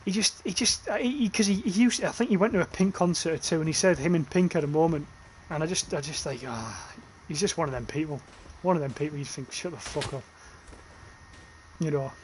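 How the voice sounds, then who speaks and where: A man's voice: fairly high pitch, quick pace, hardly any pauses, slight background noise. A young man with a Northern English accent, chatting casually and swearing while livestreaming a game and reading chat aloud. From northern England. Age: young adult.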